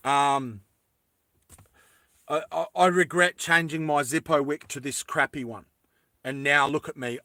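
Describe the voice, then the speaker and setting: A man's voice: a little high, bright, forceful tone, no echo, studio quality. A man chatting casually through a lighter repair, rambling into jokey tangents and correcting himself as he goes. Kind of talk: casual how-to chat.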